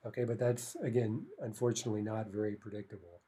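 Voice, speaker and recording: A man's voice: on the low side, quick pace, mellow, husky. A man teaching a recorded language lesson, explaining grammar rules step by step and often checking in with "right?".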